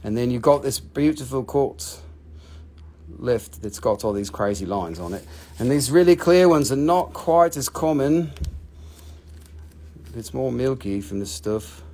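A man hosts a live online rock and mineral sale from his shop, talking in a loose, rambling way. He jokes with viewers and swears freely, at an ordinary male pitch. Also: animated, a little slow, long pauses, darkish tone. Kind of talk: casual live-stream selling chat.

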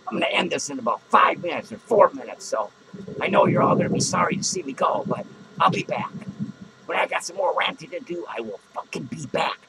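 A man's voice: high voice, sing-song, fairly quick, vocal fry, a little hiss or hum, exaggerated voice, poor audio. A man playing a crude, drunk clown who hosts a podcast from a small studio, rambling and swearing between cackling laughs. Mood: boozy rambling. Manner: rambling, profane, self-mocking, with loud cackling laughs. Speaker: podcast host. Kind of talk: comic in-character podcast rant.

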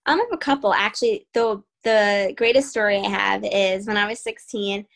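A young adult woman, an MMA fighter, telling stories in an interview in a lively way, quick, full of "like" and laughter. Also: medium pitch, creaky. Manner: animated, fast, full of "like" and laughter. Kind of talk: casual storytelling interview.

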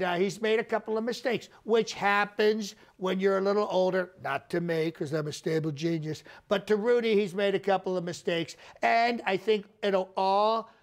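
Comic impression: man as bragging ex-president, high and gravelly, rambling and repetitive. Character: boastful male ex-president, rambling and self-praising. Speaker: comedian doing a live impression. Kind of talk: improvised comedic press conference.

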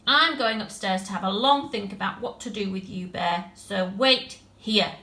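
A woman voicing a cross, bossy little girl who scolds her bear loudly. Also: on the high side, lively intonation, slow pace, roomy sound, heavily acted. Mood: furious.

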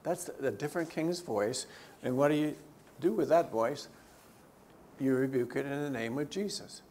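Man, theologian, church teaching, conversational, mid-pitched voice, emphatic then hushed, faint background hiss. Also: moderate pace. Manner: conversational, swings between lifted emphasis and quiet, low asides. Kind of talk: teaching talk to a church group. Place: church gathering.

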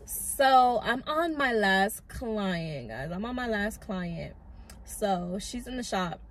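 A young adult woman and lash artist telling a storytime with a calm, chatty delivery full of "like". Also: medium pitch, takes it slowly, a little hiss or hum. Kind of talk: casual storytime.

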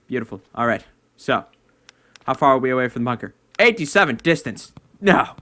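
A young man commentating his own game play at home, excitable, breaking into shouts and laughs at his wins. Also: medium pitch, a little fast. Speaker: gaming video host. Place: home room.

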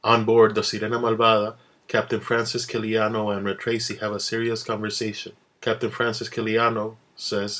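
Man narrator for an animated short, low voice, flat even delivery. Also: moderate pace. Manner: plain, even reading. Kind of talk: reading a short animated story.

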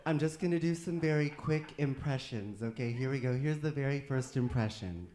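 A man doing a live stand-up comedy set, self-mocking and jokey, sometimes breaking into loud sung bits. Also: a little high, lively intonation, moderate pace, roomy sound. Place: live venue with audience.

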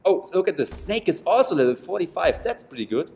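A man giving playful, excitable commentary over a game, taunting his opponents and laughing often. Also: sits high, normal speed, a little hiss or hum. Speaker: gaming commentator. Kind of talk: excitable let's-play commentary.

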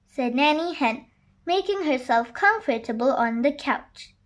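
Woman, storybook reader, host, children's picture book, gentle, high voice, slow pace. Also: lively intonation. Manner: slow, gentle read-aloud.

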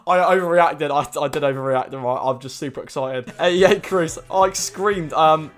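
A young man giving excited commentary while opening packs in a football video game, full of loud, laughing outbursts. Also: a little high, moderate pace, soft background music. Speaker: gaming YouTuber.

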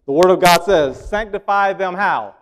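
Preaching in a conversational style with a high voice and normal speed, this man frequently questions the congregation. He shifts between loud emphasis and quiet asides.

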